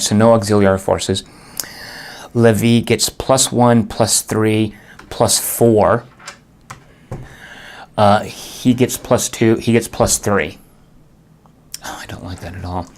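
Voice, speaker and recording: A man's voice: fairly low pitch, fairly even intonation, slow pace, pauses often, darkish tone. A man playing a board game solo and thinking aloud as he works through each turn, muttering and groaning at bad rolls.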